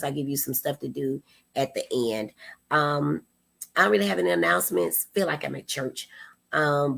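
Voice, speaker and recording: A woman's voice: deep voice, gravelly, husky. A woman in her thirties hosting a casual livestream, chatting playfully and talking straight to her viewers. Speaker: host.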